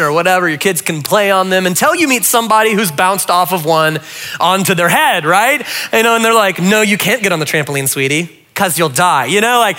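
A man, preaching a humorous sermon and telling stories with quick voiced asides. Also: high-pitched, sharp tone. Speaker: pastor.

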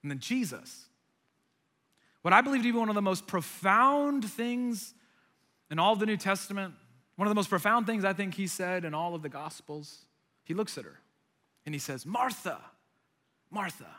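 Young male preacher, high and bright, lively storyteller, preaching to a congregation. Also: moderate pace, pauses often. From United States. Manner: animated storytelling, acts out voices. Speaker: pastor. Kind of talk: sermon.

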